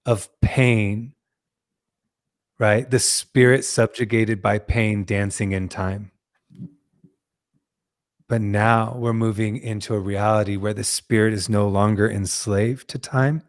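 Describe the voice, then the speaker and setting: A man hosting a podcast, speaking in slow, earnest spiritual musings. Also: fairly low pitch. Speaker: host.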